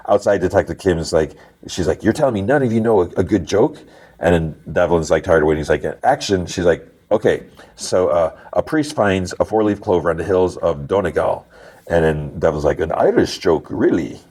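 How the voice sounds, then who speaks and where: A man's voice: low-pitched, lively intonation, fairly quick, a little mellow. A man hosting a podcast, casually recapping a TV episode scene by scene, rambling with many fillers and restarts. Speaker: podcast host.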